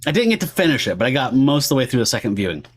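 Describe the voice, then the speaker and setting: Guy hosting a movie podcast, rambly, tons of likes and ums, middle pitch. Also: sing-song, very fast. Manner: rambling, heavy on filler words. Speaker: podcast host. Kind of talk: casual film podcast chat.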